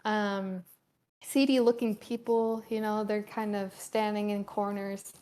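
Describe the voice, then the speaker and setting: A woman narrating a tabletop game as game master, halting with many ums and you-knows. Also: mid-range voice, little pitch movement, dark tone.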